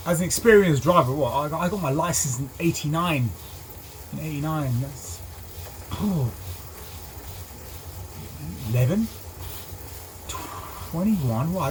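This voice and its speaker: A man, a driving instructor telling a story in a lively way, full of ums and acted-out voices. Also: fairly high pitch, slight background noise. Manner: animated, acts out voices, many ums. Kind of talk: casual storytelling.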